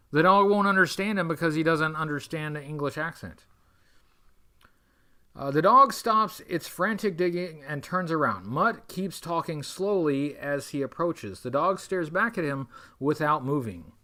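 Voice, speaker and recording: A man's voice: on the high side, sharp tone. A man hosting a livestream, reading an adventure gamebook aloud and breaking off for wry, rambling jokes. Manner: wry, rambling, self-interrupting. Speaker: livestream host.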